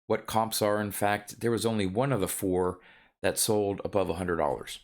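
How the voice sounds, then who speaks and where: A man's voice: low voice, normal speed, darkish tone. A man vlogging about his card collecting in a casual, rambling way, with many ums and restarts.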